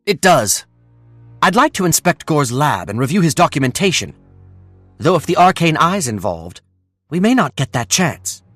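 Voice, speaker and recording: An eager little asura warrior in a fantasy game. His voice sits high and swings animatedly up and down. The sound is dry and close, with faint music behind. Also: sing-song, moderate pace, fairly bright tone, no echo. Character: bold small male asura warrior. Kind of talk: video game voice acting.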